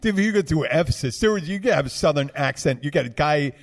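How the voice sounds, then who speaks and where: A man's voice: on the high side, expressive, fast. Guy cohosting a chill podcast, rambly, lots of restarts and uhs. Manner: rambling, many restarts and fillers. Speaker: podcast co-host. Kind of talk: casual chat.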